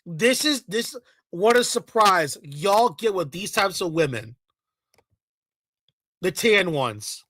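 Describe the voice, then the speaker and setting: Profane ranting man, sharp bright voice. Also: high-pitched, lively intonation, takes it slowly, long pauses, dry recording, low-quality recording. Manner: heated, profane, repetitive ranting; mocking, sarcastic asides. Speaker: commentator. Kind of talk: reaction commentary rant.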